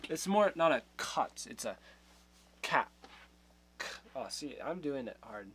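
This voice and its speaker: A man's voice: on the high side, animated, very slow, pauses often. A man hosting a livestream, chatting casually with viewers, laughing often and trailing off mid-sentence. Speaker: livestream host.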